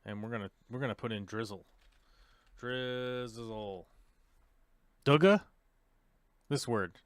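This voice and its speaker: A man's voice: fairly low pitch, fast, a bit bright, no echo. Male livestream host, playful, self-mocking talker, resonant voice, dead-dry sound. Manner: playful, thinks aloud, jokes at himself. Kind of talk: casual livestream chat.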